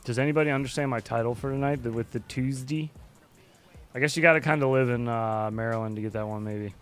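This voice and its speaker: A man's voice: medium pitch, fast talker, fairly bright tone, clear, resonant tone, faint music behind. A man hosting a livestream, chatting loosely and rambling while he flies a drone simulator, swearing often. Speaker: livestream host. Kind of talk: casual chat while flying a drone simulator.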